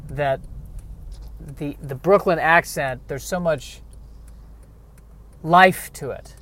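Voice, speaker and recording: A comedian from Aurora, Colorado, delivers a casual comic monologue outdoors on a city street, musing in a wry, rambling, sardonic way. His voice is fairly high and fairly bright, and he speaks slowly.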